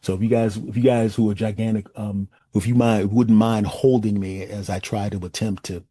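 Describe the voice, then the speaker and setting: A man doing a low, stammering pleader. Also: flat delivery, normal speed, mellow, no echo, clean studio sound, close to an everyday voice. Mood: nervous pleading. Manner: rambling, stammering bargaining. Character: man pleading with two huge bouncers, nervous.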